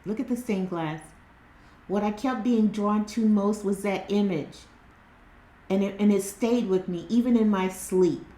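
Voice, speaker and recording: A woman's voice: medium pitch, measured pace, warm tone. A woman hosting her own spiritual tarot channel, talking earnestly and casually with many fillers and restarts. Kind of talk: casual spiritual vlog chat. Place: indoors at home by natural light.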